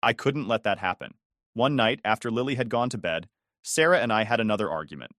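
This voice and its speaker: A man's voice: lowish voice, lively intonation, a little fast, a bit bright, dry recording, clean studio sound. A man narrating a scripted first-person family drama story, with bitter, emphatic phrasing and rising questions.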